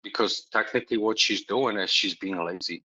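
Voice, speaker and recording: Blunt man with a bright tone. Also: on the low side, normal speed. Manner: blunt, straight-talking, teasing. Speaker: partner giving advice. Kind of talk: casual chat. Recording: dull lo-fi sound.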